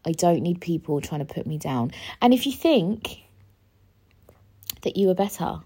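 Lively, rambling woman. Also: fairly low pitch, a little slow, husky. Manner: rambling, emotional, swearing, rising to near-shouting. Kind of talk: casual solo monologue.

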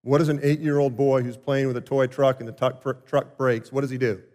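A male pastor delivering a sermon, emphatic and swinging between loud and quiet passages. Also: mid-range voice, flat delivery, fairly quick. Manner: emphatic, rising and falling delivery. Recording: long hall reverb.

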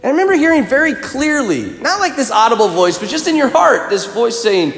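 A priest preaching a sermon, telling a personal story in an animated way with chuckling asides. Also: male voice, extremely high pitch, a little fast, few pauses. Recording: echoey reverberant hall.

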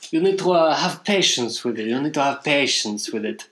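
An Englishman doing a put-on Italian accent for a patient, kindly Italian man who speaks halting English. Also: a little high, expressive, slight background noise. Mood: coaxing. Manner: slow, halting, repeats himself, gentle insistence. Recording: roomy echo.

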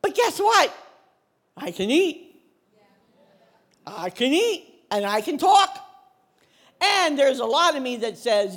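Animated woman pastor preaching. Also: high-pitched, slow pace, pauses often. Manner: animated storytelling, acts out biblical characters in casual modern speech. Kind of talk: sermon.

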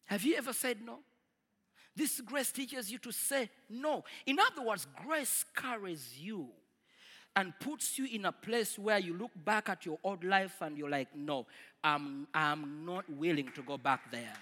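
A man preaching a sermon to a congregation, swinging from loud declarations to quiet asides. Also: sits high, animated, measured pace, husky, long reverb tail. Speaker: pastor.

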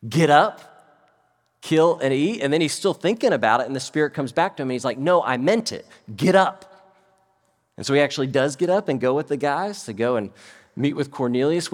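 A male pastor preaching a sermon to a congregation in a church, putting questions to the listeners as he goes. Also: on the high side. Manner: animated, quizzes the congregation. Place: church sanctuary before a congregation. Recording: long hall reverb.

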